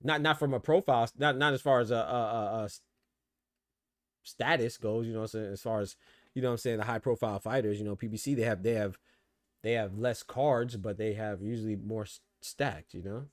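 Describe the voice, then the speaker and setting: A man's voice: on the low side, fairly even intonation, fairly quick, dry recording, studio quality. Slangy male boxing podcast host. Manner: loose slangy talk, laughs hard at jokes. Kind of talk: casual live commentary.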